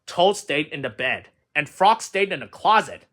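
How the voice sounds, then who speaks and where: A man reading a children's storybook aloud in plain, steady narration. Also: a little high, moderate pace. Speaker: reader.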